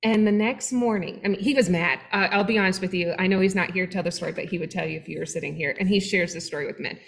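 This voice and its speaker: A middle-aged woman co-hosting a faith-based talk, telling a personal story with lively, acted-out quotes. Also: fairly low pitch, quick pace, vocal fry. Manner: animated storytelling, acting out quoted voices. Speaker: webinar co-host. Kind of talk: candid faith-based conversation.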